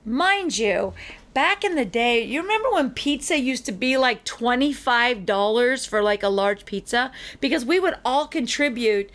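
A middle-aged woman hosting a podcast, telling a story in a casual, animated way and acting out the other people in it. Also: on the high side, moderate pace. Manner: animated, acts out the people in her stories.

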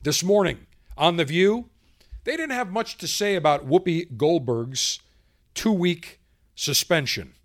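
A man's voice: a little high, animated, a little slow. A man hosting a podcast, delivering a combative, sarcastic political monologue. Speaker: podcast host.

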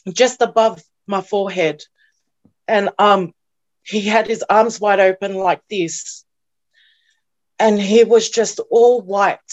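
Earnest woman sharing her testimony, halting. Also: mid-range voice, dull audio. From New Zealand. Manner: earnest, halting, repeats words and restarts often. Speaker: interview guest sharing testimony. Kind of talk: emotional personal testimony.

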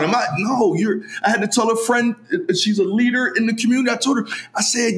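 A man co-hosting a podcast, talking in an emphatic, animated way and acting out quoted dialogue as he tells stories. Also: very high voice, fast talker, hardly any pauses. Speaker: podcast co-host. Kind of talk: casual podcast chat.

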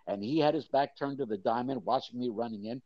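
An older man telling a lively anecdote in an interview, acting out voices of the crowd. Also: mid-range voice, fast talker, dry recording, muffled recording. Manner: animated storyteller, acts out crowd voices. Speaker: guest, mascot performer. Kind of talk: storytelling interview.

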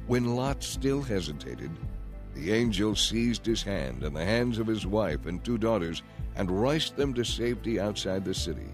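Low-voiced man reading scripture. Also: sing-song, moderate pace, music in the background. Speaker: scripture reader. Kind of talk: scripted Bible narration.

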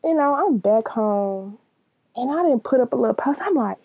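A woman's voice: high-pitched, lively intonation, moderate pace, creaky, muffled recording. A young woman giving a blunt, profane, casual monologue, laughing often.

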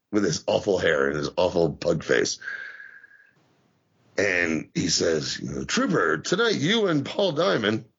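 Casual male podcast host, swears a lot, gravelly and animated, lo-fi sound. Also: deep voice. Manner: profane, rambling, stammers and restarts. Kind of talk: casual chat. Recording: dull lo-fi audio.

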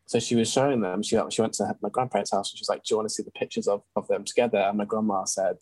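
A man's voice: on the low side, steady tone, racing, darkish tone, dry recording, low-quality recording. A young man, telling a personal story as an interview guest in an earnest, candid way. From England. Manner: earnest, candid, with frequent ums and restarts.

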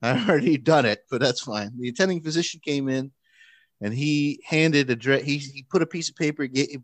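Man in his usual mid-range voice telling a lively anecdote in conversation, doing the other people's lines, recorded dry and close. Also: mid-range voice, a little fast, no echo. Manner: animated, acts out quoted voices with laughs. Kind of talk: casual storytelling chat.

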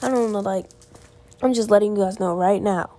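This at-home solo podcast features a tired teenage girl going on about her weekend, full of "like" fillers and false starts. She talks a little fast in a mid-range voice with a dark tone.

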